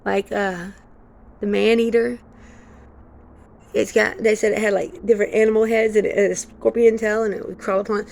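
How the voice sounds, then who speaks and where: Rambling woman with a gravelly voice. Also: medium pitch, moderate pace, long pauses. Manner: rambling, excitable, stream-of-consciousness. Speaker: vlogger. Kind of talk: casual monologue.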